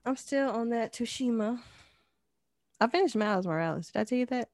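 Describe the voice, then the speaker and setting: A woman's voice: fairly high pitch, expressive, a little fast, darkish tone, no echo. A woman co-hosting a podcast in laid-back, teasing casual chat. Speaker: podcast co-host.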